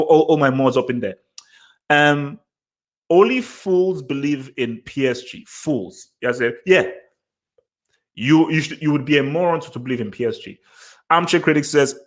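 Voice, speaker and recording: A man hosting a casual live football post-match analysis stream, excitable and rambling, with lots of restarts and repeated words. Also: medium pitch. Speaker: livestream host.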